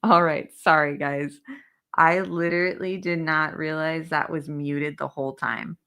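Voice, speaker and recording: A woman's voice: low-pitched, steady tone, unhurried, pushed and bright, clean tone. A woman hosting a casual livestream, chatting straight to viewers and reading documents aloud. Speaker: true crime channel host. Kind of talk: casual livestream case discussion.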